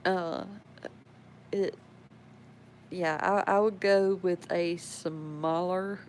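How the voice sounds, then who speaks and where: A woman's voice: fairly low pitch, fairly even intonation, drawn-out words, a little mellow, a little hiss or hum, rough recording. A woman, rambling casually about her pets at home and talking to them as she goes. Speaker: pet owner showing her animals. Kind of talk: casual home video chat.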